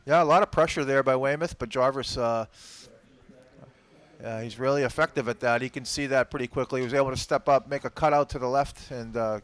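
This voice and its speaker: A man giving color commentary at a local high school football game, breaking down each play with frequent pauses and fillers. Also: a bit bright, smooth.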